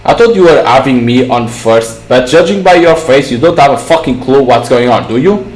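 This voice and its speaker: A man's voice: medium pitch, expressive, normal speed, echoey room, close to an everyday voice, rough recording. A man voicing a menacing, crude male thug who taunts and swears as he threatens, in a visual novel reading. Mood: sneering.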